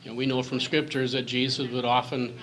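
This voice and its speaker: A man giving an earnest interview with hesitant pauses and fillers. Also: medium pitch, little pitch movement, fairly bright tone, a little hiss or hum, rough recording. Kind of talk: interview testimony.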